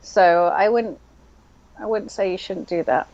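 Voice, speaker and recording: A woman's voice: lowish voice, measured pace, creaky, darkish tone, muffled recording. A woman co-hosting a game stream in casual chat, thinking aloud with lots of fillers. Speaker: stream co-host. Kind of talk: casual chat while playing online mahjong.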